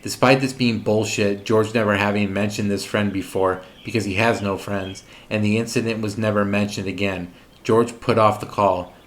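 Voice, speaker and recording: Sarcastic man with a low voice. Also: fairly even intonation, moderate pace, slight background noise. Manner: sarcastic, mocking. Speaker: host of a commentary series. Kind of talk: scripted commentary narration.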